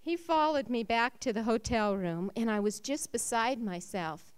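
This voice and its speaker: A woman's voice: moderate pace, clean tone. Woman telling a heartfelt personal testimony. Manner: emotional storytelling, rising when excited and dropping low when reflective. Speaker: speaker sharing a testimony.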